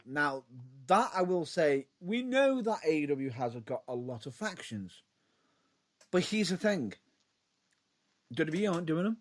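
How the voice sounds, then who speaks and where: A man co-hosting a podcast in casual chat, animated and prone to stumbling and restarting mid-sentence. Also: on the high side. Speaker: podcast co-host.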